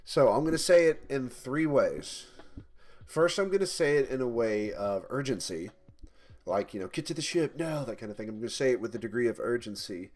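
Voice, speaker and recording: With a darkish, mid-range voice at a moderate pace, this indie game dev talks loosely on his stream, full of fillers and false starts. Faint music runs in the background, and his mic is held off to one side with no pop filter.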